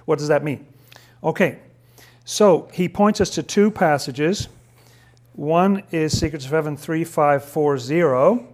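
Male lecturer, relaxed and wry, reads quotations aloud, voice sits a little high. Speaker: lecturer on scripture. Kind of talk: spoken lecture.

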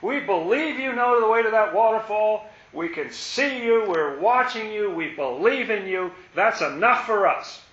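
Complacent bench-sitters who plead eagerly in raised voices, as a man puts them on. The tone is bright and sharp. The sound echoes in a room and is dull. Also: sits high, lively intonation, measured pace, hardly any pauses, pitched above the performer's own voice. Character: group of complacent believers on a bench.

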